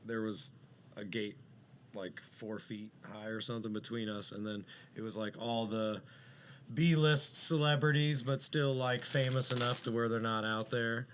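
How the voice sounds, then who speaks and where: A man's voice: medium pitch, fairly even intonation, a little slow, a bit bright, smooth. A man on a podcast telling a long story in casual chat, rambling and profane, with lots of fillers. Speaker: podcast co-host.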